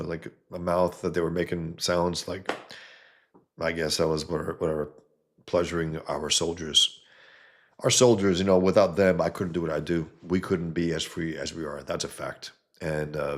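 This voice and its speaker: A man with a very low voice hosts a casual livestream from his home setup. He reads viewer comments aloud and answers them bluntly, rambling along and sometimes swearing. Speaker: livestream host.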